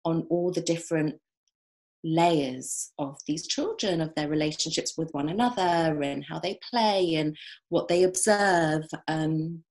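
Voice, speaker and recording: British woman, lower pitch, therapist type, thoughtful and hesitant with fillers; interview guest. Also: measured pace. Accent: British English. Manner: thoughtful, warm, with fillers and restarts. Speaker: psychotherapist and group leader. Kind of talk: reflective interview answers.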